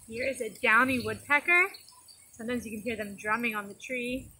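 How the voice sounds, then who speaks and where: A woman teaching young children in a video lesson, talking in a gentle, sing-song way that is exaggerated for little ones. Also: fairly high pitch, moderate pace. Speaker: preschool teacher. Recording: noisy background.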